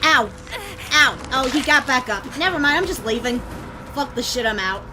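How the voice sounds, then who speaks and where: A woman streaming a game, chatting along, muttering to herself and breaking into sudden yells. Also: high voice, expressive, moderate pace, noisy background. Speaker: vtuber streamer. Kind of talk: gameplay commentary.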